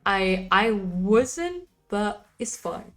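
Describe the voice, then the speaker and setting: Woman streamer, relaxed rambling live chat, middle pitch, soft music underneath. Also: extremely slow. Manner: rambling, chatty, answers chat.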